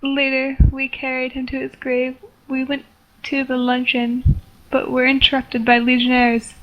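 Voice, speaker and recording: A woman reads a homemade adventure story aloud to her friends. Her voice sits fairly high but barely moves, giving a plain, level delivery. She is a little self-conscious about how she sounds. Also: completely flat delivery, measured pace, lo-fi sound. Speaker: reader of a homemade game story. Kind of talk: casual reading aloud of a story among friends.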